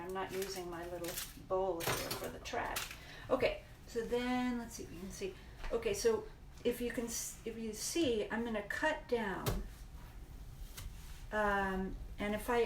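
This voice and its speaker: This cooking show host, a woman with a medium-pitched voice, runs an informal live demo in a home kitchen. She talks and explains as she cooks, frequently breaking off mid-sentence. The sound is roomy and noisy, picked up by a distant mic.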